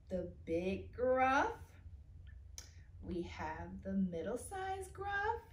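A woman librarian telling a children's story in a slow, sing-song, animated way. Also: fairly high pitch, a little hiss or hum. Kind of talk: storytime read-aloud. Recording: roomy echo.

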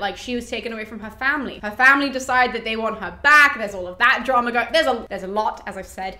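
A woman's voice: mid-range voice, sharp tone, roomy sound. A young woman hosting a book review channel, chatting casually and upbeat with plenty of fillers, her voice slightly cracking from a cold. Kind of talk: casual chat to camera.

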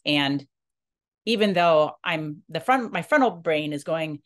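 Low-voiced woman recounting a personal ordeal. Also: expressive. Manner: earnest, halting retelling that acts out quoted dialogue. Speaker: non-profit founder. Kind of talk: personal story told to camera.

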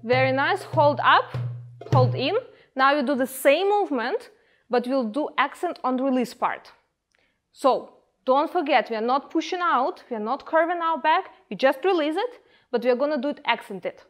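High-voiced woman coaching a dance class. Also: normal speed, faint music behind. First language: Ukrainian. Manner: calm, coaching cues with counting. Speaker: belly dance instructor. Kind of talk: guided dance class instruction.

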